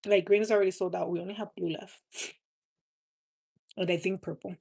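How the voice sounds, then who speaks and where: Earnest woman with a low, flat voice. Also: a little fast, creaky. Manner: earnest, heartfelt, repeats words for emphasis. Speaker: live streamer selling cosmetics. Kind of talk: casual live-stream chat.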